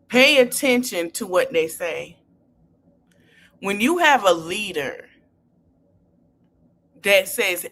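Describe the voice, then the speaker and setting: A woman podcast host, talking in an impassioned, casual way, swinging between low murmurs and loud high outbursts.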